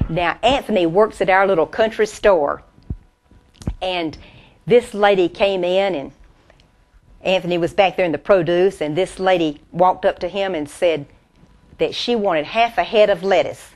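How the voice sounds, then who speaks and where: A woman's voice: on the low side, a little slow, darkish tone. A woman, telling down-home country jokes as a stand-up comedian and voicing the characters in them. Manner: tells down-home jokes, voices quoted characters. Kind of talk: folksy stand-up storytelling.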